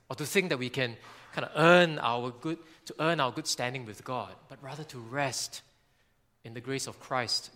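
A man preaching a sermon, animated, sometimes acting out shouts and quotes. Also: mid-range voice. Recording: long hall reverb.

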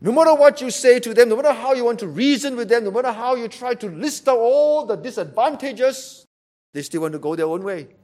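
A man's voice: extremely high pitch, expressive, brisk, a little mellow. A man preaching a sermon, emphatic and repeating rhetorical questions to drive his point home.

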